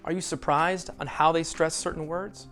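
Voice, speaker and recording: A man's voice: on the high side, moderate pace, faint music behind. A middle-aged American man teaching a spoken English lesson, showing learners how to stress words in sentences. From United States. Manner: lively, models sentences for learners to repeat. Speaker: ESL teacher.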